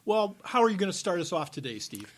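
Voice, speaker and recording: A man co-hosts a studio podcast with a lively, bouncing voice that sits a little high. He sounds upbeat and chatty, often jumping in with quick agreements. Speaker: podcast producer and co-host. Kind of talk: casual podcast chat.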